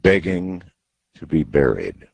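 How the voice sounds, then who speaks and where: A man hosting a late-night call-in radio show, taking callers' stories with a slow, drawn-out delivery. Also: sing-song, a little mellow, no room sound. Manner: deep, gravelly, drawn-out delivery. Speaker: radio talk show host. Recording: radio broadcast sound.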